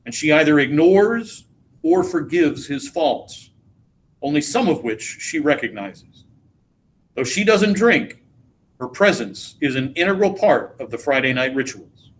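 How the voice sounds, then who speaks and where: A male English teacher reading stage directions aloud to a class in a measured, expressive way. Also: on the high side, slight background noise, poor audio.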